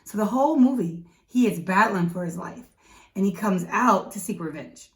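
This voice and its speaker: A woman co-hosting a casual movie review, talking in a chatty, animated way with quick asides. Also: medium pitch. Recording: echoey room, mic at a distance.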